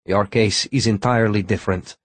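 A grave, measured alien doctor, as a male narrator voices him, a touch higher than the reader's own low voice. He explains slowly and with regret, in a dry, close audiobook reading. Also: fairly even intonation, dry recording, close to an everyday voice. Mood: grave explaining. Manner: measured, explanatory, gently apologetic.

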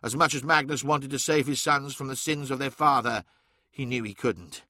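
A man narrating a dark fantasy audiobook in a dramatic, scripted style, swelling on the action and dropping low on the grief. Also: normal speed, dry recording, studio quality.

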